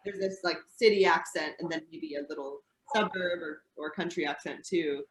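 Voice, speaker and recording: A woman's voice: sits low, normal speed, noisy background. A woman from Indiana with an American accent, explaining English pronunciation in a casual teaching chat.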